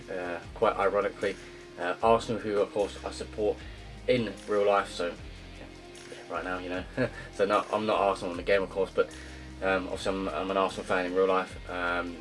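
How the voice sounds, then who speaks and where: Low-voiced young man rambling over gameplay. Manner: rambling, many ums and uhs, loud upbeat greetings. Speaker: gaming YouTuber. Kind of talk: casual gameplay commentary. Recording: faint guitar music behind.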